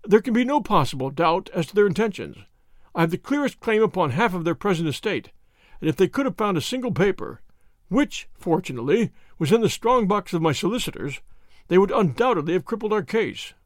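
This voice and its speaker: A man reading aloud, voicing an elderly country gentleman who speaks in an emphatic, formal way. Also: high-pitched, big pitch swings, fairly quick, no echo, clean studio sound.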